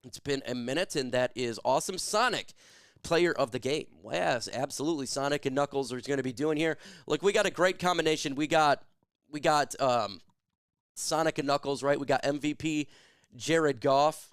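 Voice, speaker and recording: A man hosting a live sports stream, reading viewer comments quickly and shouting catchphrases with lots of energy. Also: mid-range voice, clear, resonant tone, dry recording, studio quality.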